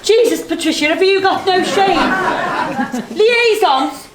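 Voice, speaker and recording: A woman's voice: extremely high pitch, lively intonation, slow, over a noisy crowd, full character voice. An actress with a Liverpool accent playing a fussy, devout mother who is easily flustered. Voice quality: fussy, exclaiming. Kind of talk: stage play acting. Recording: echoey stage with faint noise.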